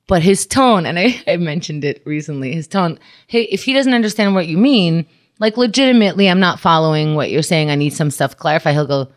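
A woman comedian chatting casually, telling animated stories with frequent laughter. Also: on the low side, normal speed. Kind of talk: casual chat.

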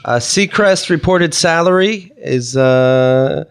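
A man's voice: a little high, animated, slow pace, clear, resonant tone. A man co-hosting a casual chat, wry and joking, asking questions.

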